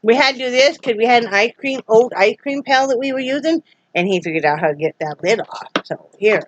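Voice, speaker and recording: A woman's voice: fairly high pitch, fairly quick, highs cut off. Chatty woman vlogging from home. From Iowa. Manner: chatty, rambling, scolds her dogs. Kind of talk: casual chat to camera.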